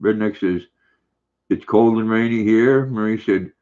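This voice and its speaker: Older male stream host, low-pitched, laid-back, reads chat aloud; dull lo-fi audio. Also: measured pace. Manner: relaxed, friendly, chatty. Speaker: livestream host. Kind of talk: casual livestream chat, reading comments aloud.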